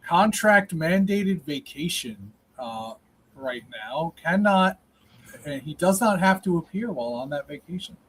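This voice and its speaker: Chatty man hosting, fairly high voice. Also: expressive, a bit bright, a little hiss or hum, rough recording. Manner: chatty, full of fillers and quick affirmations. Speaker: show host. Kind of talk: casual hosting banter.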